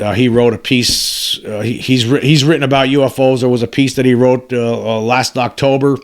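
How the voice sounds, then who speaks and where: Rambling man talking emphatically. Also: mid-range voice. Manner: rambling, many restarts, emphatic "I mean". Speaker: host. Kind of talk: casual commentary.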